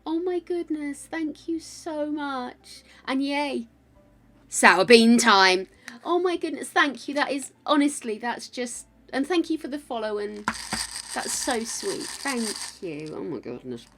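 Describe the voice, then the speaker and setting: An older woman from England with a croaky voice, chatting and thanking viewers while building in a game, self-mocking and gushing. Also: high-pitched, a little slow, background noise. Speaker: game streamer.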